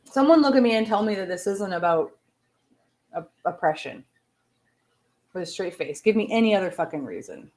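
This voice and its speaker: A woman's voice: medium pitch, expressive, normal speed, long pauses, darkish tone. Profane, fired-up woman radio host. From outside the United States. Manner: swearing, fired-up ranting. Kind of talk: casual talk-radio monologue. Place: home studio, smoking while on air.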